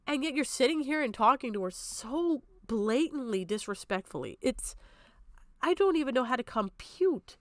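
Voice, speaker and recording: A woman's voice: high voice, expressive, normal speed, no echo. A woman streaming from home, delivering an impassioned, indignant rant and apologizing often. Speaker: livestreamer. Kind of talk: emotional commentary on a livestream. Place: home room.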